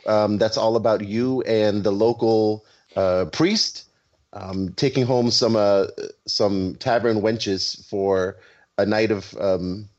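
A man's voice: fairly low pitch, steady tone, slow pace, darkish tone. A man chatting on a podcast panel, hesitant with many ums and restarts, over an online call. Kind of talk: casual chat. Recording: muffled online call audio.

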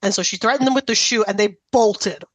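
A woman's voice: medium pitch, fairly quick, no echo. Woman host, casual storyteller, dry close sound. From Italian-American family. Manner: animated storytelling. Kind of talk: casual chat.

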